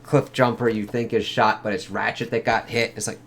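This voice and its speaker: A man's voice: fairly low pitch, flat delivery, moderate pace, creaky. Profane casual male comic reviewer. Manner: loose and profane, lots of fillers.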